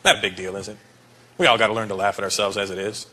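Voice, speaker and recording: A man doing stand-up comedy, animated and laughing often as he talks straight to the audience. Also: on the low side, rapid-fire. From Canada. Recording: live club with loud crowd and noise.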